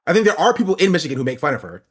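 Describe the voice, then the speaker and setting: A man's voice: on the high side, sing-song, very fast, slightly rough. Opinionated man streaming political commentary. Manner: opinionated, explanatory.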